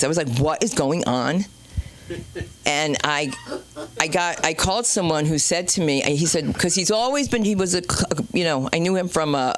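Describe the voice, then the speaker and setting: A woman comedian hosting an open mic night, telling a rambling stand-up story with swearing and sudden loud and low turns. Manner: animated, swearing, jumps between loud and low. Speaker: comedian and show host. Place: small comedy club stage.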